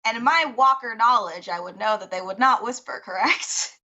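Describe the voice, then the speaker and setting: Bright-voiced woman tabletop player. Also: fairly high pitch. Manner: chatty, quick to laugh. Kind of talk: tabletop role-play. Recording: slightly dull lo-fi sound.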